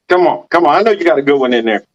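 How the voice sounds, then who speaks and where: A man's voice: fairly high pitch, expressive, fast, lo-fi sound. A man hosting a casual panel podcast, teasing his guests and swearing freely. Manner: joking, profane, teasing the panel. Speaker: podcast host.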